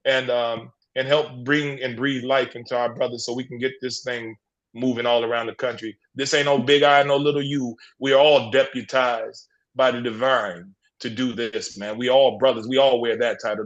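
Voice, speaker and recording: A man's voice: mid-range voice, fairly even intonation, normal speed, muffled recording. A man hosting a casual group call, encouraging and full of affirmations. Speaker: host. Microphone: online call.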